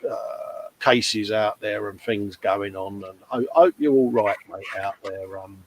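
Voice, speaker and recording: A man's voice: on the low side, a little slow, poor audio. A man co-hosting a hobby livestream, casually chatting and reading out viewer comments, calling everyone mate. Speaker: livestream co-host.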